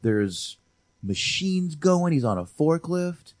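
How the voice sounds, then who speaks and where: A podcast host reviews a movie, rambling, swearing casually and sounding animated. His voice is a little high and slow, with no room sound.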